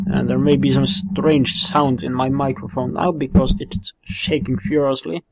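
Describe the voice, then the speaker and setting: A man's voice: mid-range voice, level tone, measured pace, creaky, few pauses, background noise. A man giving casual, chatty commentary while playing a video game. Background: faint game music.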